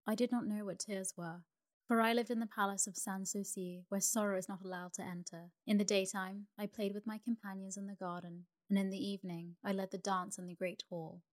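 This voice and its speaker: A grave, tender statue of a prince speaks in a low, musical voice, as a woman narrator gives him voice. The tone is quiet and measured, suited to a bedtime storybook. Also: steady tone, lightly acted. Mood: sorrowful. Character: sorrowful prince's statue, male, gentle and grave. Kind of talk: storybook reading for sleep.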